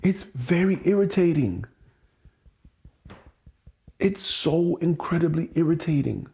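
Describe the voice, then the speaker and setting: Frustrated man venting, higher voice. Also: expressive, takes it slowly, mellow. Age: adult with a child. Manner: frustrated, venting, swearing, repeating himself. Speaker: host. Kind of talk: emotional livestream monologue.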